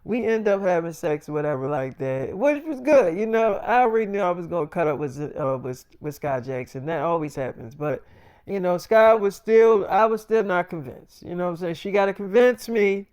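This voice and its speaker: Man, high clean voice, casual storytime, cussing freely. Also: clear, resonant tone, no echo, studio quality. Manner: loose, profane, conversational.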